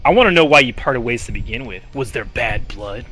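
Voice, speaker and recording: Bright-voiced man asking eager questions. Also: mid-range voice, animated, a little fast, faint music behind. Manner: curious, probing questions. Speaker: tabletop game player. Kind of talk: casual chat.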